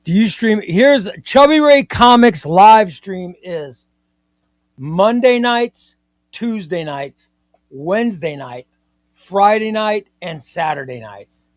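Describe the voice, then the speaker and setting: A man hosting a comics live stream, chatting in an excitable, rambling way and often repeating himself. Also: high voice, slow, dry recording. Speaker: comics livestream host. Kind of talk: casual live-stream chat.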